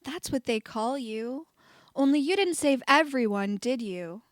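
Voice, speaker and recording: Woman reading a sarcastic posh young rival, sneering, high voice, dry close mic. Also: expressive, a little slow, no echo. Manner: mocking, sarcastic.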